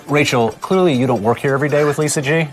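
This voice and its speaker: A man's voice: on the high side, fast talker, a little hiss or hum. A man hosting a radio show recap, introducing clips with wry jokes. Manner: wry, joking lines delivered between clips. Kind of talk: scripted recap narration with banter.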